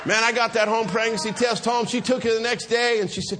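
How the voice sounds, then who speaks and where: A man preaching a storytelling sermon, animated, acting out the voices in his stories and laughing often. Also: very high voice, brisk, background noise.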